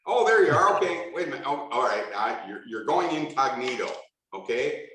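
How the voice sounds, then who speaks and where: A man's voice: medium pitch, lively intonation, fairly quick, a bit bright, very echoey, far from the mic, slight background noise, rough recording. A man hosting a video call meeting, greeting each participant by name in an upbeat, jokey way and repeating his welcomes.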